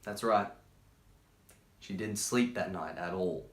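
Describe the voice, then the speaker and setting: A man reading a children's picture book aloud, breaking off for chatty, gentle asides. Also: deep voice, takes it slowly. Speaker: storytime reader. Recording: roomy echo.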